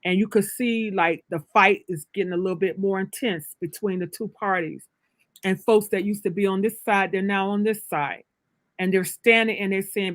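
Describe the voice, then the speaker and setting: Woman, author guest, emphatic preacherly storytelling, mid-pitched voice, dry close sound. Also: fairly even intonation, moderate pace, no room sound. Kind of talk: casual livestream interview.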